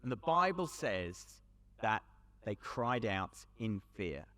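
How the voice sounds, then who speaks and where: A man with a British accent giving a storytelling talk to a young audience at an event, conversational with dramatic pauses. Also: on the low side, sing-song, a bit bright. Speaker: youth event speaker. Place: large hall with audience. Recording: long hall reverb.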